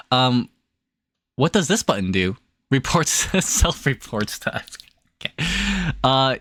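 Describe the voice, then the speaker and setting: A young man chatting casually on a livestream, rambling and excitable with many restarts. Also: medium pitch, no room sound. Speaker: streamer.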